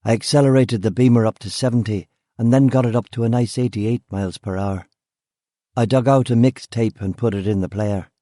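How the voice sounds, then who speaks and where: A man narrating a first-person crime novel audiobook in a dry, wry, measured way. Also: medium pitch, fairly even intonation, dark tone, dry recording.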